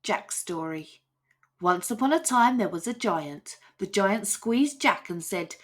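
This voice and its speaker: A woman reading a children's picture book aloud, with expressive narration. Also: on the low side, unhurried. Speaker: storybook reader.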